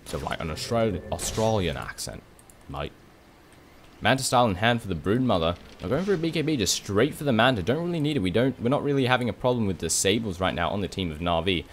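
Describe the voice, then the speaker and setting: A man giving rapid play-by-play commentary on a video game match, getting louder and higher in the big fights. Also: a little hiss or hum. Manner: rapid, excitable, rises sharply in big fights. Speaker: esports commentator.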